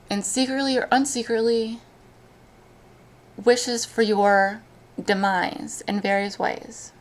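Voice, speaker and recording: On a live stream, a woman chats casually in a medium-pitched voice. She speaks emotionally, halting and restarting as she goes.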